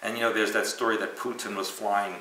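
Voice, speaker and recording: A man's voice: on the low side, a little fast, far from the mic, a little hiss or hum. A man hosting a casual news commentary show, joking and teasing as he talks. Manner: joking, animated, teasing asides. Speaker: host. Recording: echoey room, off mic.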